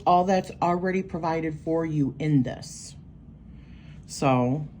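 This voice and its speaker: A woman's voice: deep voice, a little mellow, slight background noise. A woman giving a casual, rambling walkthrough of her astrology journal pages, thinking aloud with lots of fillers. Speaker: tarot and astrology creator.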